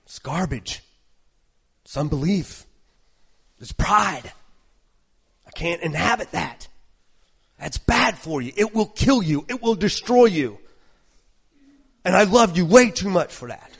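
A man voicing God as a loving but stern male figure, speaking softly and low. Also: expressive, slow, gravelly, long pauses, breathy edge, exaggerated voice. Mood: tender.

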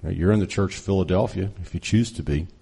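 Husky-voiced man giving a casual sermon. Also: low voice, fast, mellow. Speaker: church worship leader. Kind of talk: informal sermon talk.

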